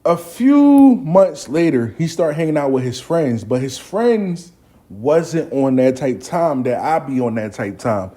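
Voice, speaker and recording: Mellow-voiced man telling a profane story. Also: fairly high pitch, a little slow. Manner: profane, animated, acts out the people he quotes. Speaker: host. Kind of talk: casual storytelling.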